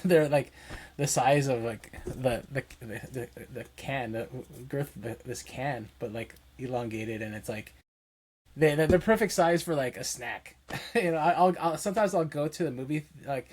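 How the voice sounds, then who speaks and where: Husky guy rambling on a podcast, like like like, middle pitch. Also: darkish tone. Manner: rambling, full of fillers like "like". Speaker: podcast co-host. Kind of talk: casual podcast chat.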